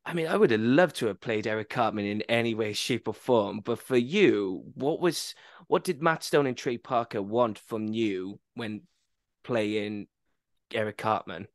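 A man's voice: lowish voice, measured pace, no echo, clean studio sound. A man hosting an interview, telling stories casually and often restarting his words. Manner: storytelling, stumbling over words with restarts. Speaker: podcast host.

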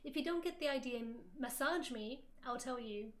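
A woman streamer reading fan fiction aloud for laughs, with theatrical, loud, overblown quotes. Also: high voice, moderate pace.

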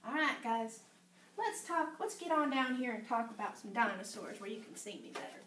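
A woman teacher leading circle time for small children and reading a picture book aloud with expressive storytelling. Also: a little high, normal speed, slight background noise. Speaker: preschool teacher. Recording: echoey classroom.

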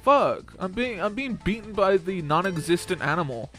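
A young man is gaming with a friend over a call, and he often bursts out loud, swearing and laughing. His voice sits a little high for a man. A faint wash of game music plays behind him. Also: animated, normal speed. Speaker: co-player. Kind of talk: casual gaming chat.

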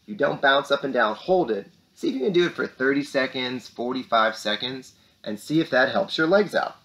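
A man's voice: medium pitch, fairly bright tone. A man hosting upbeat morning announcements for schoolchildren, reading letters and leading exercises. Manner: upbeat, speaks to kids with rising emphasis. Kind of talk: lively morning announcements for children.

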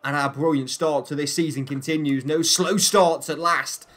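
Fairly bright and on the high side, his voice holds fairly even intonation at normal speed. The young gaming YouTuber narrates a football video game like a broadcaster, with joking asides and frustrated outbursts.

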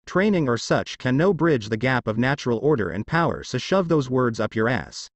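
A man's voice: mid-range voice, big pitch swings, moderate pace, dry recording. A man voicing a proud, defiant female goddess of love. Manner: haughty, defiant.

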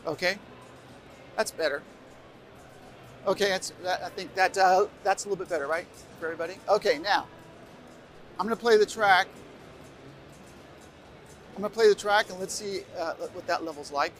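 A man's voice: high voice, moderate pace, pauses often, fairly bright tone, faint music behind. A middle-aged man presenting a live workshop on a convention stage through a stage microphone, chatting casually and giving directions to the sound crew. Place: convention stage before an audience. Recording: noisy live room. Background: room noise.

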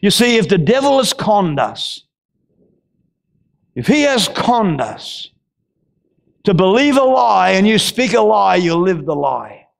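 A male pastor, preaching a fervent sermon that bursts into shouting. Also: high voice, very animated, slow, creaky, long pauses. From Australia.

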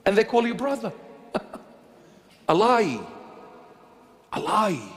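A man with a notably high voice preaches slowly and deliberately to his congregation. He is impassioned and emphatic, moving between forceful declarations and hushed pleading, and his words ring out in a long church reverb. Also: big pitch swings. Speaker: bishop. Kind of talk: sermon.

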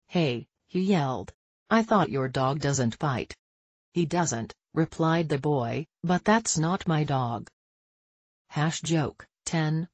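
A narrator reading a collection of jokes aloud, in an even, steady storytelling delivery. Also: medium pitch, dry recording, dull audio. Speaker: audiobook narrator.

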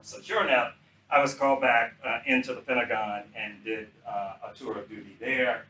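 An older man from South Carolina, a retired general telling stories from his career in a lively, anecdotal talk. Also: medium pitch, moderate pace, far from the mic. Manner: animated storyteller acting out quoted dialogue. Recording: echoey room, speaker off mic.

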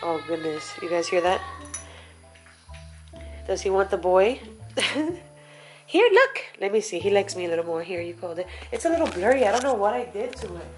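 A woman's voice: mid-range voice, big pitch swings, moderate pace, pauses often, over music, poor audio. A woman filming a casual home vlog on a handheld camera, chatting to viewers and coaxing her dogs. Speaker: vlogger. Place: home, indoors and out in the yard.

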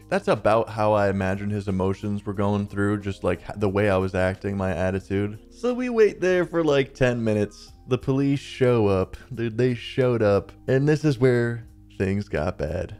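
A young man in his twenties narrates a personal story in a loose, rambling way, tossing in plenty of filler words. His voice sits a bit low, and soft music plays faintly underneath. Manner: chatty, rambling, peppered with "like" and "dude". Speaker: channel host. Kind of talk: casual storytelling over gameplay.

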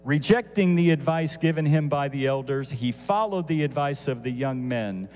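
A man teaching a Bible lesson casually, animated, with asides to his listeners. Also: on the high side, moderate pace, big-room sound, a little hiss or hum.

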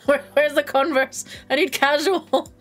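A woman's voice: high voice, fairly even intonation, unhurried, soft background music. A woman streaming live, chatting casually while gaming and laughing constantly.

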